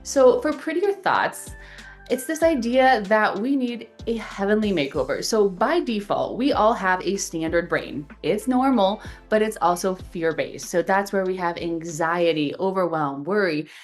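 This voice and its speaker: A woman's voice: mid-range voice, a little slow, faint music behind. A woman guest on a faith podcast, explaining ideas earnestly and acting out small everyday dialogues as she goes. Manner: earnest, lively, acts out little dialogues. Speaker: podcast guest, founder of a reset program. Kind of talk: faith-based explanatory interview talk.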